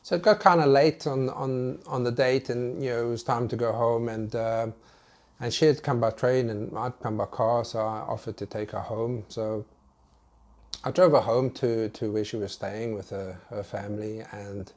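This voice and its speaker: A man's voice: mid-range voice, steady tone, darkish tone. A British man telling a personal story to camera in a casual, hesitant way, often restarting his sentences. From United Kingdom. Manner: hesitant, halting, with many restarts. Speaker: vlogger.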